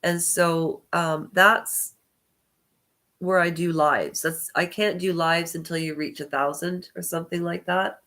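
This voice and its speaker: A woman's voice: fairly low pitch, fairly even intonation, a little slow, a bit bright. Congested woman rambling on her vlog. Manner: meandering, hesitant, corrects herself often. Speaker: channel host. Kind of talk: rambling personal vlog talk.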